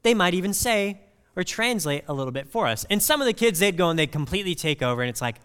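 A man preaches a sermon in a church sanctuary, his fairly high voice rising and falling with lively swings. He talks in a conversational way and weaves personal stories into the scripture. A long hall reverb trails after his words. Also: fast talker, smooth.

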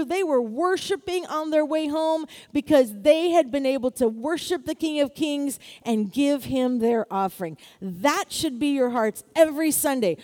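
High-voiced lively woman preaching. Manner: lively, exclaiming, calls for amens. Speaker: pastor. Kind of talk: sermon.

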